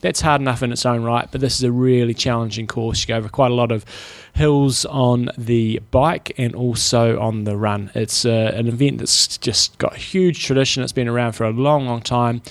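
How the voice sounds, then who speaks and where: A man's voice: mid-range voice, fairly even intonation, normal speed, hardly any pauses, dry recording. Kiwi coach guy on a podcast, mid voice, dry understated answers, close dead sound. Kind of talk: casual chat.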